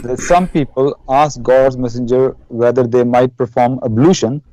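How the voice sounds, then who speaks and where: A man calling in to a live debate, insisting on his reading and telling others to calm down. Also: mid-range voice, normal speed, no room sound, poor audio. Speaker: debate caller.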